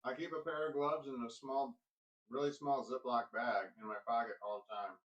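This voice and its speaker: Man telling a halting, rambling story. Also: mid-range voice, fairly even intonation, far from the mic, highs cut off. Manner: rambling, halting, with many restarts. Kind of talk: personal storytelling.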